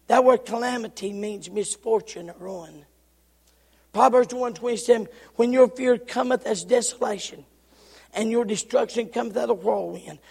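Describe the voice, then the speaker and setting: A man preaching a sermon with rhythmic, repetitive phrasing, swinging from shouts down to hushed whispers. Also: sits high, gravelly, husky. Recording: long reverb of a large hall.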